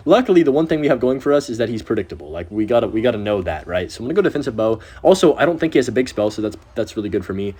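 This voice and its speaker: A young man giving excitable gameplay commentary while he plays, talking to himself and to viewers. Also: fairly low pitch, very fast, few pauses, husky. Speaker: gaming video creator.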